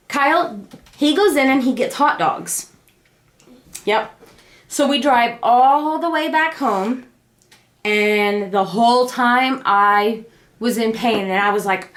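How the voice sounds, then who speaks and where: A young woman casually telling her family the story of a birth, acting out the quoted lines. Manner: animated, acts out the quoted lines in a high voice. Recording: echoey room.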